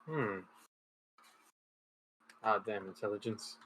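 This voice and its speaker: A man playing in a tabletop game, lively and joking, with casual swearing. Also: on the low side, takes it slowly, rough recording. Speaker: player.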